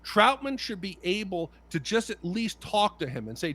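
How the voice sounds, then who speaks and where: Animated, fired-up man on a podcast. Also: sits high, normal speed. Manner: passionate, blunt, swears. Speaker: podcast co-host. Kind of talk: casual movie podcast chat.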